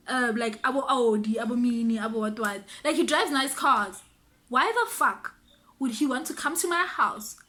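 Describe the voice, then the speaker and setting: Animated young South African woman vlogger. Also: sits high. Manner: animated, switches between voices, mixes in local words. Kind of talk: casual storytime.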